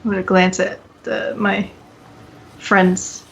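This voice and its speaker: Slow, unsure woman at a game table. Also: mid-range voice, level tone, vocal fry, a bit bright, slight background noise, poor audio. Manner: unsure, questioning. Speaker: player. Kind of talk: casual tabletop play.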